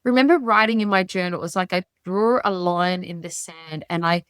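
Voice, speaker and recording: A middle-aged woman with an Australian accent, telling a personal story as a guest on a podcast call in a lively, rambling way. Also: fairly low pitch, a little fast, clean tone, dry recording. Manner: animated, rambling storyteller who acts out her own past thoughts. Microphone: remote call.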